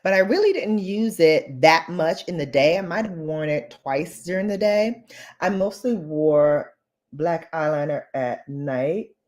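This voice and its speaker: A Bronx beauty vlogger with a New York accent chats at a relaxed, unhurried pace while doing her makeup. Her voice is low for a woman, but she often jumps into high, animated bursts. Playful and direct, she calls her viewers "babes."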